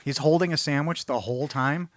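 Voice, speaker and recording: A man co-hosting a podcast, chatting casually about a film and acting out characters' lines in quick impressions. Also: fairly high pitch, fairly bright tone, dry recording. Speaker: podcast co-host.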